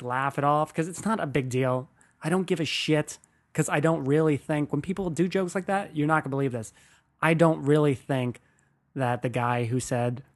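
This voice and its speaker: A man hosting his own podcast, telling stories in a loose, rambling monologue. He swears freely and pokes fun at himself as he talks. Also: medium pitch. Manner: rambling, profane, self-deprecating. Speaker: podcast host. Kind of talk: casual comedic monologue.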